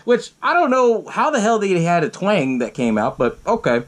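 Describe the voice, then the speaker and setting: A man's voice: high voice, huge pitch swings, unhurried, pauses often, a bit bright. A man hosting a podcast, retelling a horror film in a casual, rambling way, swearing often, laughing, and acting out the characters' lines. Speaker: podcast host. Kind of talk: casual movie recap.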